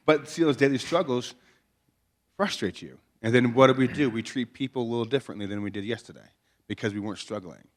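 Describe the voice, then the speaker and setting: A pastor stands before a chapel congregation delivering a conversational sermon that's folksy and full of jokes and rhetorical questions. He talks fast in a medium-pitched voice.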